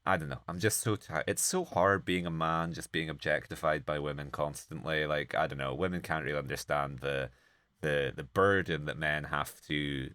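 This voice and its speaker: A man co-hosting a comedic bad-movie podcast, talking casually and sarcastically, with sudden jumps into high mocking voices. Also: fairly even intonation, normal speed, pushed and bright, clear, resonant tone, no echo, clean studio sound. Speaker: podcast co-host. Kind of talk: casual comedic film chat.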